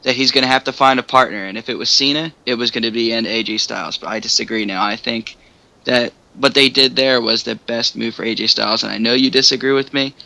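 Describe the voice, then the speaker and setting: A man guesting on a casual podcast, building his argument step by step. His voice is gravelly with a lot of fry, and its tone is sharp and tense, at an ordinary pitch. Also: fairly even intonation, dry recording, rough recording. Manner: measured, argumentative. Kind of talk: casual wrestling review chat.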